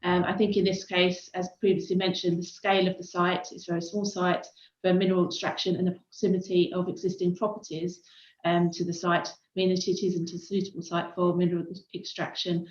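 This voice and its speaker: A woman's voice: fairly low pitch, level tone, brisk. A woman council planning officer giving a careful formal explanation at a hearing, with frequent hesitations. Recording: dull, echoey remote audio.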